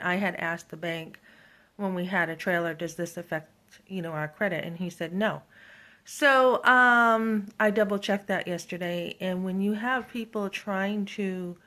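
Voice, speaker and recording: A middle-aged woman vlogger giving life advice in casual talk, telling candid stories with animated quoted retorts. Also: lowish voice.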